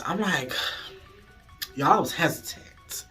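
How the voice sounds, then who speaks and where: A man telling a story to his viewers in a casual, animated way, swearing a lot and calling them y'all. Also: a little high, measured pace, pauses often, music in the background. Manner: animated, profane, keeps addressing the audience as y'all. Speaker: storytime vlogger.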